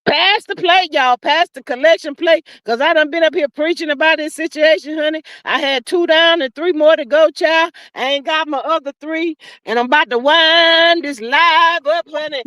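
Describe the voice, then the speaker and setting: Woman, livestream host, high voice, sassy, drawling, preachy asides, dry close sound. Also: normal speed, hardly any pauses, bright, forceful tone, dry recording. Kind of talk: casual livestream commentary.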